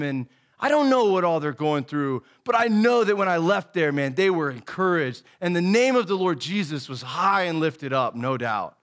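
A man in his thirties, an associate pastor giving a casual, earnest sermon full of folksy stories, saying "man" over and over. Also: sits high. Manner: folksy storytelling, says "man" and "dude" constantly; animated and earnest.

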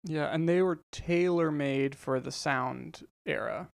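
Podcast dude explaining stuff, lots of ums, really crackly fry voice, slightly high. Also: male voice, slow pace, no echo. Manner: explains at length with many ums and you-knows. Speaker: podcast co-host. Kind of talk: casual chat.

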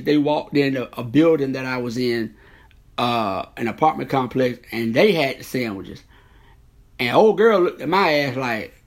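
A man hosting a podcast, delivering a profane, rambling comedic rant. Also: on the high side. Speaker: podcast host.

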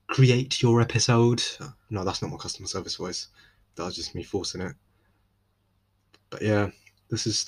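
On his solo podcast, a young East London man rambles casually, full of slang and constant restarts as he cuts himself off. He speaks in a slightly rough voice pitched on the low side.

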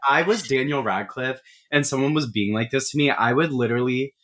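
A man's voice: mid-range voice, fairly quick, fairly bright tone. A young man co-hosting a podcast, chatting bluntly about a movie and swearing freely. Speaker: podcast co-host. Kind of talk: casual movie chat.

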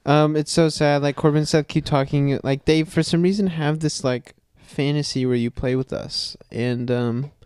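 A young man chatting excitably as podcast co-host, laughing often and calling his friend "dude". His voice is a little higher than most men's and smooth. It is recorded close and dry. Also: moderate pace, few pauses, dry recording. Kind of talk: casual chat.

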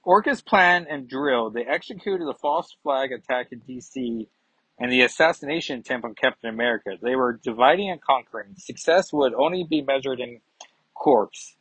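A man's voice: mid-range voice, normal speed, a bit bright, breathy edge, no echo. A man giving a chatty, rambling comic book review, with self-mocking asides. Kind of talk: casual review vlog. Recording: dull lo-fi sound.

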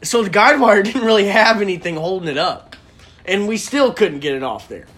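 Animated young man telling a story. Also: high voice, moderate pace. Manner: animated, laughing, profane storytelling. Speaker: podcast co-host. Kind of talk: casual storytelling.

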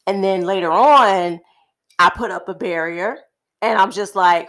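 A woman co-hosting a casual conversational podcast, speaking in a thoughtful, measured way with frequent pauses. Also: mid-range voice, fairly bright tone. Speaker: podcast co-host.

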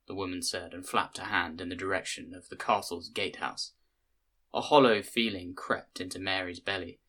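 A man reading a short story aloud for a podcast, in measured, literary narration. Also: low voice, sharp tone. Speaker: podcast reader.

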